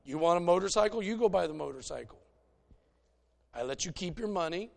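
A man's voice: high-pitched, animated, brisk, vocal fry. A man preaching a conversational sermon in a folksy, plainspoken way, telling stories to make his points.

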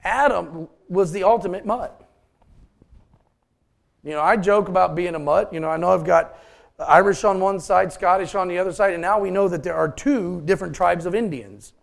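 A preacher man with a gravelly, creaky edge to his slightly high voice. He talks in a folksy, off-the-cuff way, throwing jokes and questions out to his congregation. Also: moderate pace. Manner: folksy, joking asides to the congregation. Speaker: pastor. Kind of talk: sermon.

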